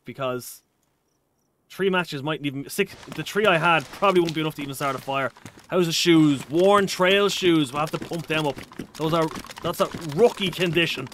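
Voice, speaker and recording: A man's voice: on the high side, fairly bright tone, a little hiss or hum. An Irish man chatting casually while streaming a game, reading out viewer comments in a rambling, restart-prone way.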